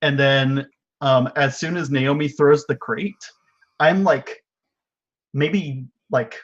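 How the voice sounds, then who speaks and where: Guy player slowly rambling through his fight moves, lots of "like", muffled low-fi sound. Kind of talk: describing character actions in a tabletop game. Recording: muffled lo-fi audio.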